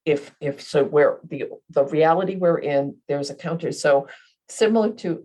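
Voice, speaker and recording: A woman's voice: deep voice, normal speed, darkish tone. A woman co-hosting a spiritual podcast, talking in a rambling way and often stopping to search for her words. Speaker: podcast co-host, medium. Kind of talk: casual spiritual chat.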